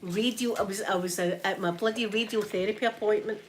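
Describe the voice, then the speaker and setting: A woman's voice: mid-range voice, fairly even intonation, brisk, a little hiss or hum. A middle-aged Scottish woman chatting casually to her viewers, telling rambling stories with frequent restarts. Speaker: ASMR streamer. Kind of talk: casual storytelling chat.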